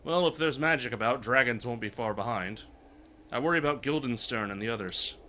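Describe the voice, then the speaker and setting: Gruff medieval knights trade barbs in archaic phrasing, as a man reads their game dialogue aloud. The delivery is only lightly dramatic, in a bright, tense voice, over a faint hiss. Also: mid-range voice, fairly quick, close to an everyday voice. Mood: bickering.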